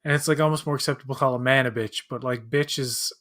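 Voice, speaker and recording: Casual male co-host, mid-range pitch, rambles and restarts a lot. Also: steady tone, quick pace, a bit bright. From Canada. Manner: rambling, many restarts and fillers, acts out quoted voices. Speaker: watch-along co-host. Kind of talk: casual chat.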